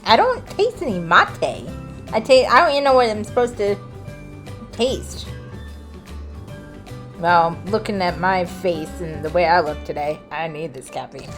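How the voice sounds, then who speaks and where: A woman vlogger talking casually to camera, chatty and playful, laughing often and drifting into soft asides. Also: fairly low pitch, expressive, measured pace, long pauses, faint music behind.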